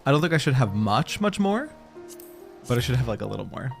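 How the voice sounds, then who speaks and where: A man streaming a game, chatting casually with his viewers in an excitable, gushing way. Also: medium pitch, fairly quick, gravelly, soft background music. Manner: excitable, gushing, talks to chat.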